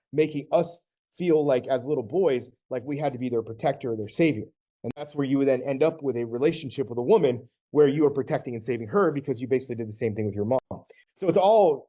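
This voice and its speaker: A man's voice: mid-range voice, dark tone. A man from the Southern United States, a men's divorce coach, talking earnestly and conversationally to camera and acting out little quoted exchanges. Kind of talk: direct-to-camera coaching talk. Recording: slightly dull lo-fi audio.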